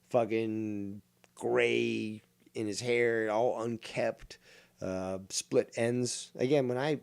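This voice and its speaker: A man's voice: on the low side, a little mellow. Man, forties, live-stream commentary, mocking, profane, exasperated. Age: 40s. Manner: mocking, exasperated, swears a lot. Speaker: streamer reacting to a call-in clip.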